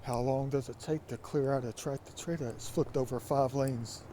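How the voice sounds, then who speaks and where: Casual vlogger, male, raspy and congested, rambling speculative musings, warm dark timbre, recorded outdoors with light background ambience. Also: mid-range voice, steady tone, normal speed, a little hiss or hum. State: stuffy with allergies. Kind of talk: casual walking vlog monologue. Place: outdoors by a creek.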